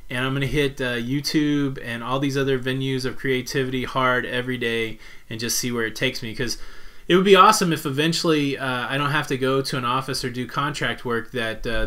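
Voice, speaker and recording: A man's voice: mid-range voice, bright, forceful tone. A young man co-hosting a casual live stream, chatty with lots of filler words, greeting viewers and reading their comments.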